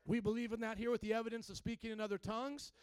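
A man with a strikingly high, smooth and resonant voice preaches a sermon, calling out questions to his congregation and climbing to near-shouts. The sound is dry and close, with no room around it. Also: little pitch movement, rapid-fire, no echo. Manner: call-and-response preaching, rising to near-shouts. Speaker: pastor.

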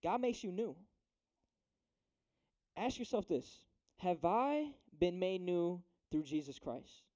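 A man's voice: sits high, very animated, takes it slowly, long pauses, mellow. A young man giving a casual youth sermon, slangy and chatty, often checking in with "right?". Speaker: youth preacher.

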